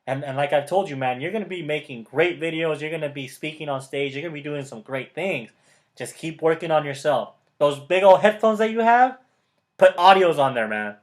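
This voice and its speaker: Brief: fired-up male mentor, slightly high voice, hammering points home with repetition and quick laughs. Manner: enthusiastic and emphatic, repeats key words; laughs often mid-sentence. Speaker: motivational mentor. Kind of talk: casual coaching chat.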